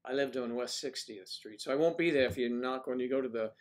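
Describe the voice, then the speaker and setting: An older man hosting a livestream, chatting casually and rambling, thinking aloud with frequent pauses. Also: mid-range voice. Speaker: livestream host.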